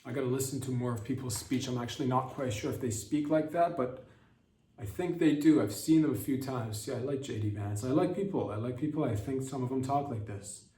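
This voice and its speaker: A man's voice: medium pitch, fairly quick, warm tone. A young man hosting a comedy podcast, rambling through a sarcastic monologue and trailing off mid-thought. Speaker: podcast host. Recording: roomy sound, mic at a distance.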